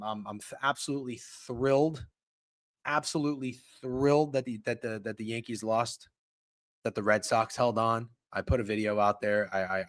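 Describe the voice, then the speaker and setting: A man hosting a live sports betting stream, ranting with heavy swearing and swinging from muttered asides to loud outbursts. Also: medium pitch, no room sound. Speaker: sports betting show host.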